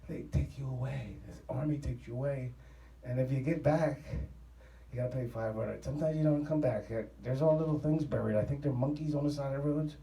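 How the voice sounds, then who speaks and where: Gravelly-dark Philly man telling a rambling story. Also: mid-range voice, reverberant, far from the mic, poor audio. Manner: profane, rambling, laughing at his own story. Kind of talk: casual rambling anecdote.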